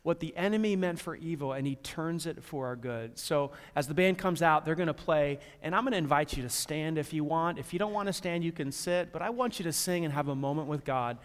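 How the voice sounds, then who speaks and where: A man's voice: on the high side, a little fast, few pauses. A man acting as pastor who closes a sermon, speaking in an earnest, encouraging way. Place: church sanctuary. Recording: long hall reverb.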